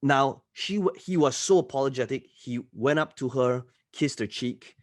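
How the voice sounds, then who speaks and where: Male entrepreneur guest, lively emphatic storyteller, mid-pitched voice, dry close room. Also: moderate pace, no echo. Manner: animated, emphatic, tags phrases with "right?". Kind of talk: podcast interview storytelling.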